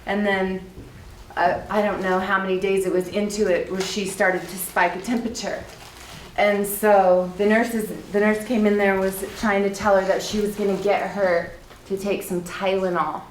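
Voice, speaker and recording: A woman's voice: mid-range voice, flat delivery, normal speed, a little hiss or hum. A woman speaking at a memorial, telling tender personal stories and laughing at fond memories. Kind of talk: personal storytelling. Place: memorial gathering room. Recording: echoey room from a distance.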